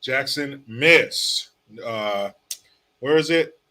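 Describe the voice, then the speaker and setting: Bright-voiced man joking through viewer comments. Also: mid-range voice, lively intonation, drawn-out words. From California. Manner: joking, sarcastic, reads chat names aloud. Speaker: live-stream host reading viewer comments. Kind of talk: casual live-stream chat.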